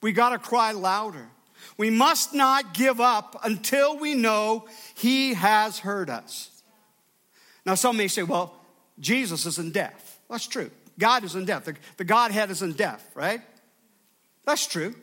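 A male pastor delivering a sermon in a high, bright voice. He preaches emphatically and keeps calling on the congregation to answer him.

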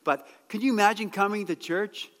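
A middle-aged man preaching a sermon, chatty and joking, then rising to a shout as he urges people on. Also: sits high, brisk. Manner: conversational preaching that swings to shouted exhortation. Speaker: pastor. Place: church hall. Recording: long church-hall reverb.

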